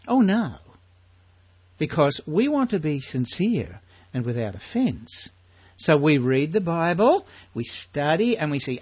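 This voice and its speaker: Older aussie man preaching, lively swooping pitch, husky voice, muffled dry sound. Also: dry recording. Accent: Australian. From Australia. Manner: animated, rhetorical questions, drawn-out emphasis. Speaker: Bible teacher. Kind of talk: sermon.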